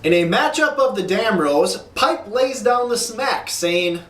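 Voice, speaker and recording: Crude deadpan mock-announcer man. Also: high-pitched, unhurried, few pauses, recorded from a distance. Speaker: league commissioner host. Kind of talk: mock press conference. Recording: echoey room, voice off-mic.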